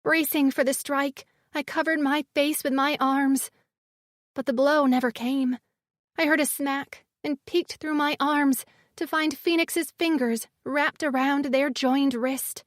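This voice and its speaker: A woman narrating a sci-fi romance audiobook in the first person, with measured, dramatic storytelling. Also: high-pitched, fairly even intonation, no echo, studio quality.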